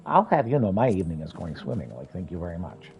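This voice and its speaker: A man's voice: deep voice, big pitch swings, fast, creaky, darkish tone, slight background noise, exaggerated voice. A man voicing an older woman, a stern matron with a put-on American Southern accent, prim and formal in her scolding.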